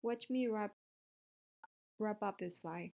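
A woman voicing a gentle, wise female spider in a storybook reading. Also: medium pitch, takes it slowly, creaky. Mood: kindly. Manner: calm, gently explaining.

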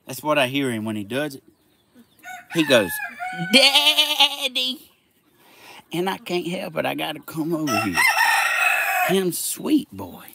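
A man with a drawl talks slowly and fondly to his farm animals, his pitch a bit high and very lively as he coos at them. He is outdoors, and loud clucking and crowing from chickens and roosters sit right behind his voice. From Southern United States. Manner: slow, doting, baby-talk to animals, drawling. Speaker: vlogger. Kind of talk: casual chat with animals. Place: outdoors among animal pens. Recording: loud outdoor background noise.

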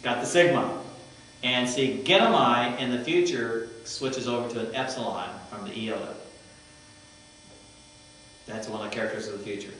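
A male professor talks through Greek grammar in a relaxed, explanatory classroom manner. He is heard from a distance in a very echoey room, with a faint hum underneath. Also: medium pitch, moderate pace, pauses often. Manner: explanatory, parses Greek forms aloud, conversational asides. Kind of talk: classroom lecture.

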